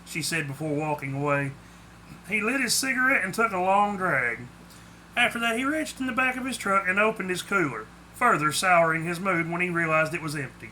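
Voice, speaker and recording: A man's voice: high voice, animated, fairly quick, pushed and bright, a little hiss or hum, low-quality recording. A man reading aloud his own short story, with small slips. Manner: plainly spoken with small slips. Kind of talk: storybook narration.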